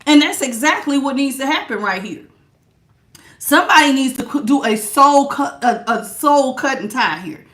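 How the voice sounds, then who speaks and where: Loud, blunt woman tarot reader; high, carrying voice, sassy, laughs often, close on a good mic. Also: expressive, normal speed. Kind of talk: live tarot reading, chatting with viewers. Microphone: good studio mic.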